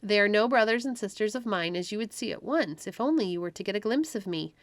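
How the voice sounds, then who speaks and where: A cheerful winged fairy with a sweet, arch, coaxing voice, played by a woman reading aloud. She is a tiny storybook sprite, gentle and bright, her words coming from a dry, close voice. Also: medium pitch, expressive, quick pace, dry recording, lightly acted.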